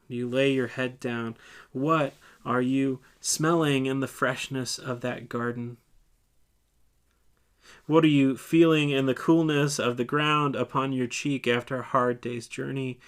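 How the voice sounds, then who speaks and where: A man at a church, slowly guiding listeners through a scripture meditation in the second person. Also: medium pitch, steady tone, clean tone. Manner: slow, soft, second-person guiding with lingering pauses. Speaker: church speaker leading a meditation.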